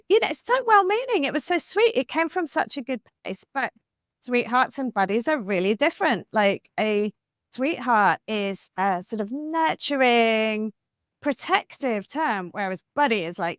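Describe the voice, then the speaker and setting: A woman's voice: fairly high pitch, no echo. Talkative woman author guest, lots of "like", dry close mic. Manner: animated, talkative, with lots of "like" and "you know". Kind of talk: podcast interview.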